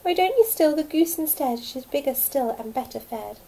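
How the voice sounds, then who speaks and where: A woman voicing a fussy female duck in a children's story, high and pleading. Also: lively intonation, moderate pace, gravelly, mellow.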